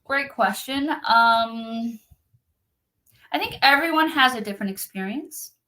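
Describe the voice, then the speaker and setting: A woman's voice: on the high side, animated, measured pace, sharp tone, poor audio. A woman who practices spiritual activation, talking casually and earnestly about her work, with many fillers. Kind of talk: casual conversational talk.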